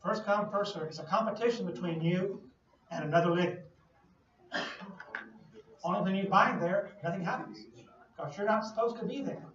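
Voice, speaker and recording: A man's voice: high voice, moderate pace, pauses often, a bit bright. A man giving a classroom lecture, explaining with playful everyday analogies and questions to the class. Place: lecture hall. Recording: distant, echoey lo-fi classroom recording.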